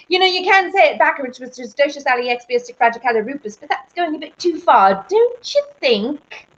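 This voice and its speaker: A young woman hosting a casual live stream, reading viewer comments and chatting in a bubbly, rambling way. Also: medium pitch. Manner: bubbly, squeals with excitement, rambling. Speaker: live-stream host and singer. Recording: dull lo-fi stream audio.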